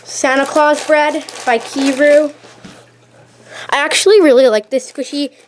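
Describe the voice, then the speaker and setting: A woman's voice: high-pitched, fairly even intonation, unhurried, a little hiss or hum. A woman vlogging a casual show-and-tell, chatty and gushing, with lots of "like" and "really, really". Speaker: YouTube vlogger showing her collection. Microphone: handheld camera, shaking at times.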